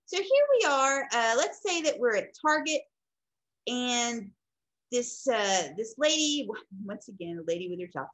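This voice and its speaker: A woman's voice: on the high side, measured pace, slight background noise, rough recording. A woman lecturing on counseling in an informal teaching style, acting out quoted people as she goes. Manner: animated, acts out quoted people. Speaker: counseling instructor.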